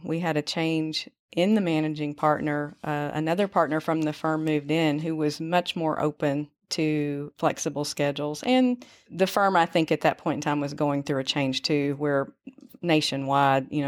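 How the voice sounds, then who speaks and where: A woman telling her own story as an interview guest, in a conversational way full of fillers. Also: deep voice. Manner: conversational, frequent "you know" fillers.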